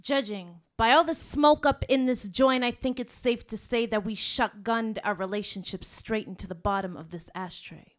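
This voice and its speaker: A woman's voice: fairly high pitch, normal speed, hardly any pauses. A woman performing a spoken word poem on stage, with a rolling, rhythmic delivery full of wordplay. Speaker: slam poet.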